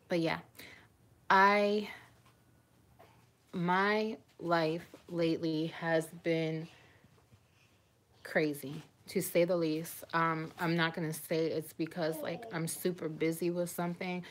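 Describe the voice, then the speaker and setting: Her fairly low, slightly bright voice is flat and slow, with frequent pauses. The twenty-something vlogger is chatting casually on a live stream from home into her phone, rambling and emotional and often trailing off mid-thought.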